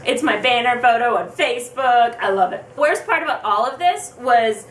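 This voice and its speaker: A young woman vlogger telling a story fast and excitedly, acting out her own thoughts as she goes. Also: a little high, slight background noise. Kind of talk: casual storytelling. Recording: roomy, distant from the mic.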